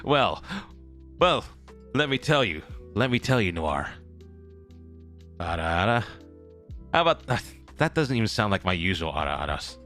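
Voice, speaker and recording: A man's voice: fairly low pitch, sing-song, moderate pace, sharp tone, faint music behind. A young man chatting casually to his live-stream viewers as a traveling merchant character, rambling and repeating himself as he corrects his words.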